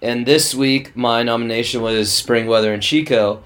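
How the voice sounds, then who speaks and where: A man's voice: medium pitch, moderate pace, a bit bright. A man co-hosting a casual podcast from California, stuffed up from allergies, laid-back and swearing freely. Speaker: podcast co-host. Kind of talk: casual chat.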